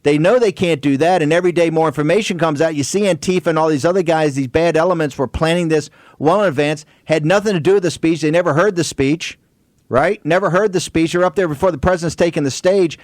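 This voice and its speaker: Forceful talk radio host, dry sound. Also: male voice, fairly high pitch, dry recording. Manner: forceful, interrupts guests, rapid asides.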